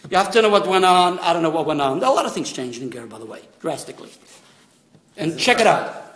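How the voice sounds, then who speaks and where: A man's voice: on the high side, lively intonation, quick pace, fairly bright tone. A man giving a rambling, digressive informal religious lesson, sprinkling in Hebrew and Yiddish terms. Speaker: Torah teacher. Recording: roomy echoey room.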